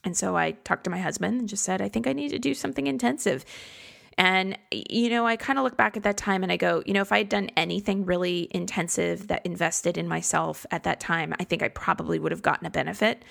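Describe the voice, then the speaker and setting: Chatty woman with a gravelly low voice. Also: steady tone, fast, hardly any pauses, fairly bright tone. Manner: chatty, reflective, self-deprecating. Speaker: podcast host. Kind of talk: casual solo podcast talk. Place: home studio in a converted garage.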